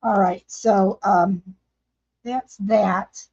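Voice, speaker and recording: Chatting and laughing with her viewers while she paints, this woman hosts a casual craft livestream from home. Her medium-pitched voice is a little mellow and slightly rough, with fairly even intonation and drawn-out words. It's captured in dull, lo-fi livestream sound.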